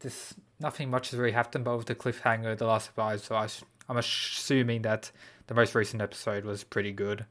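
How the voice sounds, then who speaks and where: A man's voice: fairly low pitch, flat delivery, fairly quick, fairly bright tone. An Australian man chatting casually on a livestream, laid-back and rambling with lots of fillers. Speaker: anime streamer.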